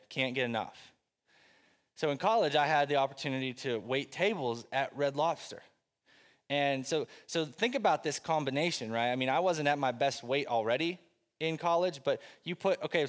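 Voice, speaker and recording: A middle-aged pastor preaching a sermon, telling funny personal stories in a loose, conversational way before turning earnest. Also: male voice, on the high side. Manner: conversational storytelling, self-deprecating humor. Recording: long reverb of a large hall.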